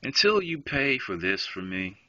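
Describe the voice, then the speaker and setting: A man's voice: medium pitch, very animated, moderate pace, bright, forceful tone, no room sound. A young man, an online gamer, delivering a profane, confrontational rant straight at a rival. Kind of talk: angry rant to camera. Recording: dull lo-fi home recording.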